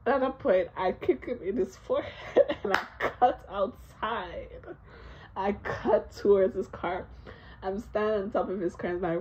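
Brief: young woman, high-ish lively voice, chatty storyteller who laughs and swears, slightly muffled lo-fi audio. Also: normal speed. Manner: animated, laughing, swearing, filler-heavy. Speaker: vlogger. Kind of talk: casual storytime vlog.

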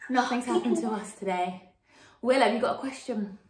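A woman's voice: a little high, moderate pace, darkish tone, echoey room, distant mic. A woman leading an online yoga class for young children, playful and sing-song as she calls out poses and games. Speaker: kids yoga teacher.

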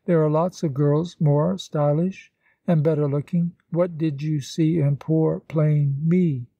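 A man reading the lines of an earnest young woman in a storybook, speaking plainly and gently. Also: on the high side, steady tone, slow, creaky, husky, no echo, lo-fi sound, heavily acted. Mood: tender.

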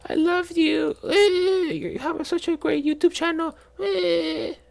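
A man doing a squeaky, weepy clingy girlfriend. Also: slow, gravelly, heavily acted. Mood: pleading, tearful. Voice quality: squeaky falsetto, tearful.

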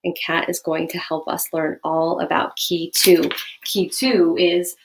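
A woman with a slightly low voice gives a recorded lesson to schoolchildren. She speaks gently and patiently and keeps asking the children questions. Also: little pitch movement, a little slow, vocal fry. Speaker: school staff member teaching students.

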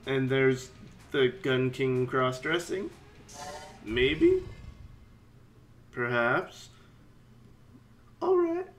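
A man giving casual let's-play commentary, rambling and chatty with sudden excited yelps. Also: mid-range voice, drawn-out words, pauses often. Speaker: game commentator.

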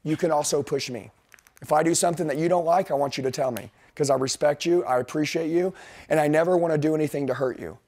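A man's voice: a little high, quick pace, darkish tone. A middle-aged man giving a blunt, intense motivational sales training to a group, talking straight at the room.

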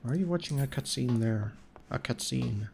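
A man's voice: mid-range voice, animated, moderate pace, gravelly, darkish tone, slight background noise. Congested man cursing through a game. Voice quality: nasal, blocked-up. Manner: profane, rambling, grumbling at the game. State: stuffy nose, congested. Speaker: gaming streamer. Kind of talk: casual gameplay commentary. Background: faint game music and keyboard typing.

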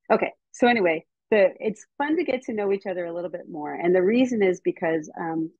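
A woman's voice: on the low side, dry recording. Chatty American woman teaching over video call. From United States. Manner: lively and chatty, with frequent ums. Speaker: speaker on child development. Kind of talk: casual lecture to teachers and parents. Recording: dull, slightly muffled video call audio.

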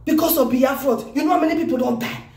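A Nigerian woman vlogging news commentary in an excited, exclamatory way, repeating phrases for emphasis. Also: high-pitched, fast talker, reverberant. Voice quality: animated, exclamatory, repeats herself.

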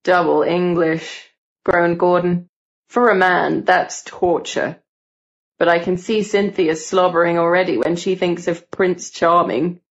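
A woman narrator voicing a teenage schoolboy who needles his classmates, lowering her voice into a put-on bass. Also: steady tone, unhurried, dull audio. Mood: mocking. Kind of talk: audiobook character voice.

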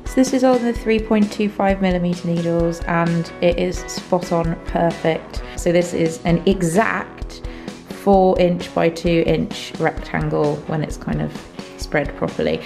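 A congested young woman chatting casually in a vlog, bubbly, and talking to her dog in a high baby voice. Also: steady tone, unhurried, creaky, darkish tone, reverberant, soft background music. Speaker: vlogger.

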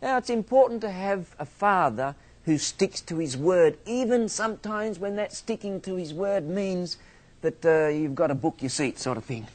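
Brief: Australian male minister, theology lecturer, fairly high voice, humorous storyteller. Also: animated, normal speed. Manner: humorous storytelling, self-mocking asides.

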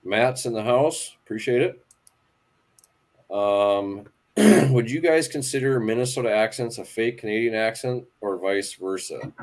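A man hosting a fishing channel's live talk in a relaxed way, asking guests questions and reading out viewer questions. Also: mid-range voice, unhurried. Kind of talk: casual live-stream chat.

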